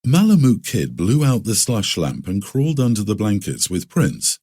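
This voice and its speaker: Husky-voiced male audiobook narrator. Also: lowish voice, wildly swooping pitch, warm tone, no room sound, studio quality. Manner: measured literary reading. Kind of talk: scripted narration of a classic story.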